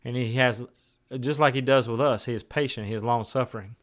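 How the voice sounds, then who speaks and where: A man preaching a sermon in a conversational way. He moves between raised, emphatic declarations and hushed, slow asides. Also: mid-range voice. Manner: conversational, with plain everyday phrases.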